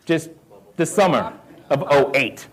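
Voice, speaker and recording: A man of North Carolina roots with a Southern American accent gives an energetic live motivational talk on real estate. His voice is on the high side and a little slow, and he quizzes the audience with questions and repeats his key lines.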